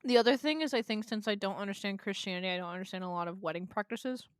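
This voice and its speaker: A woman's voice: mid-range voice, very fast, no echo, studio quality. A woman from Florida co-hosting a podcast, chiming in with blunt, wisecracking, sweary reactions. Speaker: podcast co-host. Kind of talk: casual chat.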